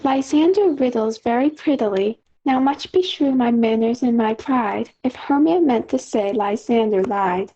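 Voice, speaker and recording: Gentle, proper young noblewoman , teen girl reading; breathy, dark tone, muffled recording. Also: on the high side, measured pace, few pauses. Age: teens. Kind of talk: school audio play of verse drama.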